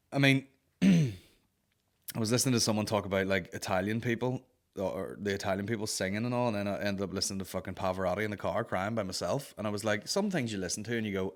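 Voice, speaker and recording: A young man, hosting a podcast with sweary, rambling comic banter and sudden loud mock-operatic wails. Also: on the low side, fast. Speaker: podcast host. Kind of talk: casual comedic banter.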